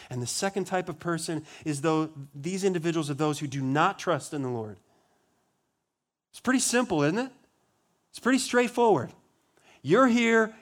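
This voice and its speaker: Male pastor, slightly high voice, sermon delivery with rhetorical questions and hushed solemn drops. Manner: rhetorical questions, rising emphasis on key words; drops to a low, quiet voice on solemn lines.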